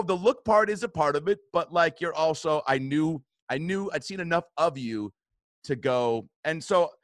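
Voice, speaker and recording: Guy telling a story on a podcast, swears a lot, jumps into loud quotes, dry close mic. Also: medium pitch, no room sound. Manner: animated, swearing, acts out quotes in bursts. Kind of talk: casual storytelling chat.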